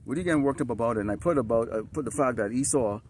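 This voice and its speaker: A street preacher delivers an outdoor sermon with scripture reading, his medium-pitched, slightly mellow voice moving very fast. He is emphatic and repetitive, often checking in with listeners through short questions like "Huh?" and "All right?". The setting is dusty and slightly windy outdoors, with slight background noise.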